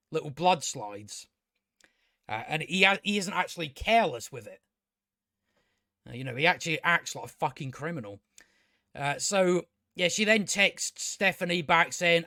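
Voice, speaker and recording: A man's voice: a little high, bright, forceful tone, no room sound, clean studio sound. A man giving a casual spoken TV review, ranting sarcastically with lots of swearing and filler words. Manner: sarcastic, sweary, rambling rant with many fillers. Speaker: TV show reviewer.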